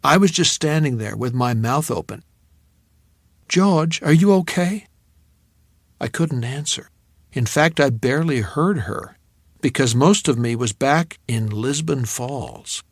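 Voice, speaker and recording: A man's voice: medium pitch, no room sound. Dry, close-miked male audiobook narrator. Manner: measured, reflective storytelling. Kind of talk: scripted first-person narration.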